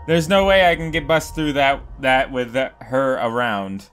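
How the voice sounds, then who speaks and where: A man doing excitable, profane game commentary, yelling and joking at the enemies on screen. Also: medium pitch, a little slow, hardly any pauses, smooth, soft background music. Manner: profane, jokey. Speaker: let's play gamer.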